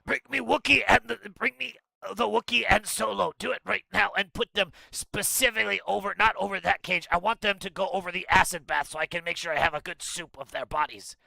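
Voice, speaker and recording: A man mocking Jabba the Hutt, pitched high. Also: fairly even intonation, brisk, gravelly, few pauses, sharp tone, dry recording, exaggerated voice, rough recording. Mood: gloating. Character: bloated male alien crime lord, cruel and greedy.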